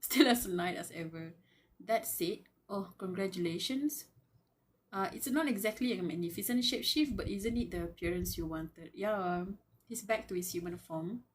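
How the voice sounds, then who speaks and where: A woman with a mid-range voice reads a web novel aloud live at a normal pace, stopping to gush, squeal, and laugh like a fangirl, musing aloud and talking to the characters. A little hiss or hum is audible.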